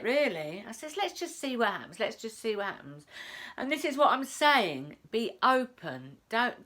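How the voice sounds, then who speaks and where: A woman's voice: mid-range voice, bright, forceful tone. A middle-aged woman talks to camera about a trip, chatty and repetitive. Her voice rises and falls a lot as she tells the story. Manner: chatty, repeats phrases, says "I says". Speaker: self-help vlogger.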